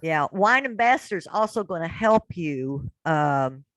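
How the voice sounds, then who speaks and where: A woman's voice: lowish voice, expressive, a little slow, fairly bright tone, dry recording, poor audio. A woman hosting an online business group meeting, calling on members and encouraging their goals. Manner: encouraging, upbeat. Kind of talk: casual group video call.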